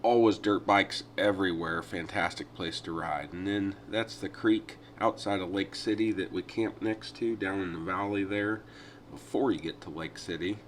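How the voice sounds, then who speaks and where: A man's voice: low voice, steady tone, normal speed, slight background noise. A man narrating his own riding footage as a casual voice-over, easygoing and rambling with frequent fillers. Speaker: adventure riding vlogger.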